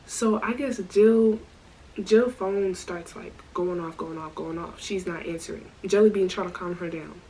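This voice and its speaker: A woman telling a storytime vlog in a casual, animated way, full of slang and asides. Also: fairly low pitch, a little slow, a little hiss or hum, poor audio. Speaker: storytime vlogger.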